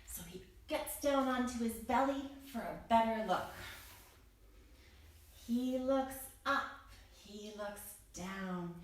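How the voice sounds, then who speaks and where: A woman reads a yoga story aloud for children at a very unhurried pace, her voice sitting a little high. She turns playful, calling out bright greetings. She stands back from the mic in a very echoey room. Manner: playful, greets the listener with bright rising calls. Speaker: kids yoga teacher. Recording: roomy echo from far off.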